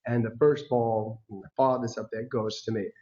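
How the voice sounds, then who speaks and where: A man's voice: lowish voice, moderate pace. Guy telling stories from the stage, keeps laughing and doing other people's voices, kinda muffled lo-fi sound. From United States. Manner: lively storyteller who acts out quoted voices and laughs often. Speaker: guest speaker. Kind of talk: personal storytelling talk. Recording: dull lo-fi recording.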